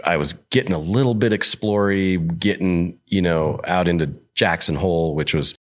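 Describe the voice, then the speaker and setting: A man in his fifties from Montana tells his stories in a casual, wandering way, with a deep voice. He livens up when he acts out what other people said. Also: moderate pace. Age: 50s. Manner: rambling, animated when quoting others. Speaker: podcast guest. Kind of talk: casual storytelling.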